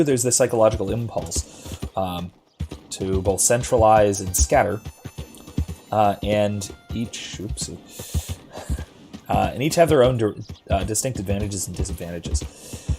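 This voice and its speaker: A man's voice: lowish voice, lively intonation, unhurried, pauses often, dark tone, soft background music. A man from Florida with a general American accent, casually talking philosophy while he plays a game, thoughtful and rambling with many fillers and restarts. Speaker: streamer. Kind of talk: casual chat while gaming.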